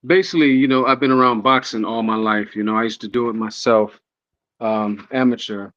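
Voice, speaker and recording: A man with an Atlanta Southern accent, a rapper guest answering interview questions in a relaxed way, peppered with "you know". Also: medium pitch, fairly quick. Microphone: video call. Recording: slightly muffled video call audio.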